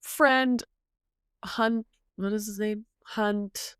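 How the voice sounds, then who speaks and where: A woman co-hosting a podcast, chatting casually and hesitantly with lots of ums, retelling a story and popping into high voices for the characters. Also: steady tone, very slow, fairly bright tone, smooth, no room sound, clean studio sound. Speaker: podcast co-host. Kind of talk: casual book-discussion chat.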